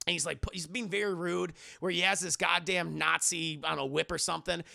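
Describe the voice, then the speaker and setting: Casual streamer guy, high gravelly voice, profane animated retelling. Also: a little fast, dry recording, clean studio sound. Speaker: streamer, film reviewer. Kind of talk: casual chat with live chat.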